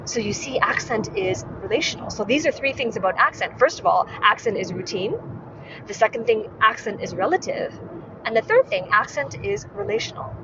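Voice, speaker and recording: A woman's voice: fairly high pitch, sing-song, fairly quick. A woman from Hong Kong, a communication coach, speaking straight to the camera and repeating her key points with rhetorical questions. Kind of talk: direct-to-camera coaching video. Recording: dull muffled sound with clear background noise.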